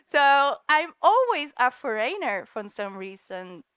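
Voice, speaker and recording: A woman's voice: high-pitched, very animated, measured pace, fairly bright tone, clear, resonant tone, no room sound, clean studio sound. A cheerful woman from Spain, a comic artist giving a talk at a university event, laughing often and slipping in words. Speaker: guest speaker, comic artist. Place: lecture room in New York.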